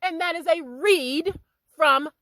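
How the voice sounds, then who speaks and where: A woman hosting a celebrity gossip video, talking casually and reading a statement aloud with emphatic, animated delivery. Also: takes it slowly, dry recording, rough recording. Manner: animated and emphatic, drops low and quiet in asides.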